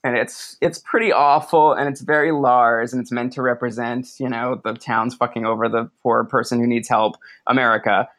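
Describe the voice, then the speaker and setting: A man's voice: medium pitch, fairly even intonation, a bit bright, no echo. Guy on a podcast yapping about a movie, swears a lot, dead dry sound. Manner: chatty, profane, quick bursts of laughter. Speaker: podcast co-host. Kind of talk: casual film-discussion chat.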